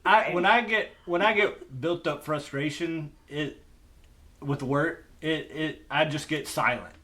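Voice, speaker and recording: A man's voice: a little high, measured pace, pushed and bright. A retired military veteran man talking frankly and plainly on a podcast. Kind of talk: podcast conversation.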